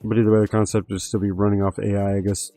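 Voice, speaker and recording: A man's voice: fairly low pitch, level tone, fast, mellow, no room sound, faint music behind. A man hosting a casual livestream, rambling and swearing with lots of fillers. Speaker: livestream host.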